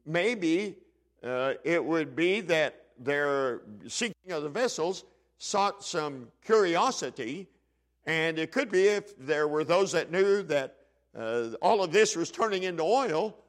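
A man's voice: high-pitched, fairly bright tone. A man preaching a sermon, telling a Bible story in a folksy way and acting out the dialogue. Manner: folksy, plays the story's characters in quick dialogue.

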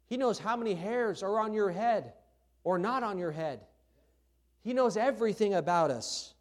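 A man's voice: high-pitched, animated, moderate pace. A man preaching a sermon from the pulpit in a conversational way, repeating his key phrases. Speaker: pastor. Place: church.

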